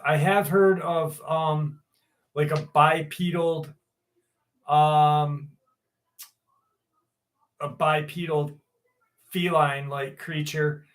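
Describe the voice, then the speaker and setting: A man's voice: fairly high pitch, a bit bright, rough recording. A man hosting a casual livestream from home, chatting loosely with viewers, rambling with fillers and the odd swear. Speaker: livestream host. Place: room at home.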